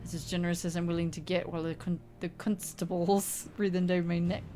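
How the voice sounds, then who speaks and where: A woman voicing a gruff male smuggler, putting on a bad Canadian accent and tacking "eh" onto his lines. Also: fairly low pitch, little pitch movement, a little fast, mellow, soft background music, natural voice. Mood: stern.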